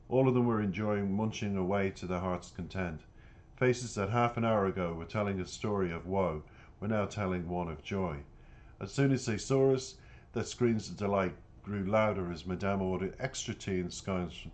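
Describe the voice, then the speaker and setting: A man's voice: low voice, moderate pace, darkish tone. A man reading his own novel aloud, narrating steadily in the first person. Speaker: author and narrator.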